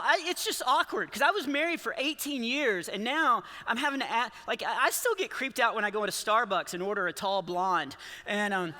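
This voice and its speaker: A man's voice: high-pitched, pushed and bright, slight background noise. A man in his forties doing rambling, self-deprecating stand-up comedy in a church, often laughing at his own jokes. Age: 40s. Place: large church hall with a live audience. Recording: long hall reverb.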